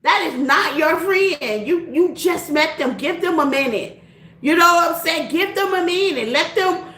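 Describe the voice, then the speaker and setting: A woman's voice: sits high, sharp tone, echoey room. A middle-aged woman hosting a casual chat to her viewers, laughing often and repeating her points in a direct, folksy way. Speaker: tarot reader and channel host.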